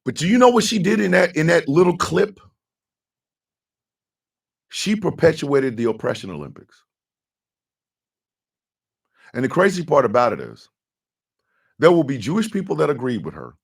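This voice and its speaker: Gravelly high-voiced man ranting on the radio. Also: big pitch swings, moderate pace, pauses often. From United States. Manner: profane and fiery, bursts into shouting, laughs at himself. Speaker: radio morning show host. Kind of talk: heated radio commentary.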